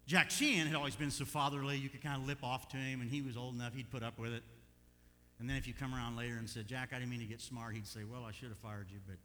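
A middle-aged man preaching a sermon, telling folksy stories with bursts of loud emphasis. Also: mid-range voice, steady tone, fast talker. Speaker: pastor. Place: church sanctuary. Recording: long church hall reverb, faint hum.

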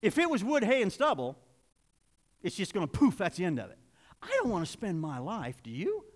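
A man's voice: high-pitched, huge pitch swings, a little fast, long reverb tail. An older man preaching a sermon in a church, folksy and confessional, building to emphatic points. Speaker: pastor. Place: church sanctuary.

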